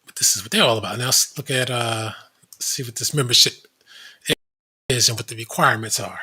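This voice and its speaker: A man's voice: medium pitch, fast, pushed and bright, breathy edge. A man hosting a commentary show, casually reading web pages aloud with blunt asides. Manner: blunt, reads aloud from screen, frequent asides.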